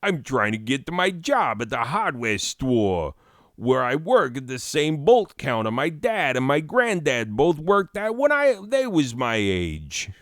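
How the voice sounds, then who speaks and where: A man voicing a loud, pushy working-class New Yorker in an exaggerated put-on New York accent, barking his lines. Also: mid-range voice, big pitch swings, measured pace, dry recording, clean studio sound, voice pushed up. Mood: blustering.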